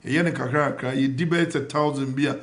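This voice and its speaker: A man's voice: medium pitch, steady tone, quick pace, a bit bright. Ghanaian man reading out betting picks. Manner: reads fixtures and predictions list by list. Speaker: sports panellist. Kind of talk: reading betting tips on radio.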